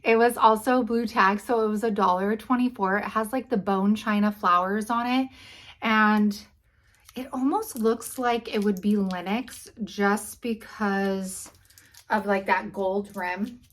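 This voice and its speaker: Breathless woman chatting slowly. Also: medium pitch, fairly even intonation, rough recording. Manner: chatty, trailing off into quiet asides. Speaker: vlogger showing thrift finds. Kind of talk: casual chat to camera.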